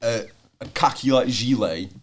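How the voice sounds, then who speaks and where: A young Englishman of medium pitch, speaking at a normal speed, co-hosts a student podcast while seated on the floor of a room, with faint music behind him. In casual chat he tells a long, rambling story packed with fillers and restarts.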